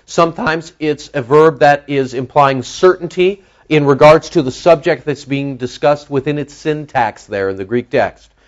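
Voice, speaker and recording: A man's voice: fairly high pitch, normal speed, lo-fi sound. A man preaching an expository sermon, teaching verse by verse and acting out the characters' voices as he tells the story. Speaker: pastor.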